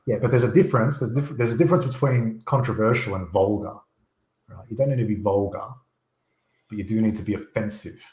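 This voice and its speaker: A man's voice: fairly low pitch, fairly quick, warm tone. A man talking as a guest over a video call, blunt and opinionated, swearing freely. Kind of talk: casual chat. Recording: echoey room.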